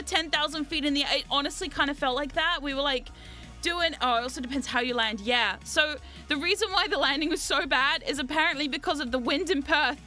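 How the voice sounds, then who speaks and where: High, bright-voiced chatty woman streamer. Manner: chatty, swears freely, frequent laughter. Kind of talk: casual storytelling chat.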